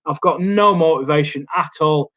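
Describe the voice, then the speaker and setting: Guy, young, fairly high voice, rambly live q&a from his little home studio, loads of ums. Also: normal speed, pushed and bright, lo-fi sound. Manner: rambling, hesitant, lots of ums and restarts. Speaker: YouTube host. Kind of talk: casual live Q&A chat. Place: small home studio indoors. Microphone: laptop mic.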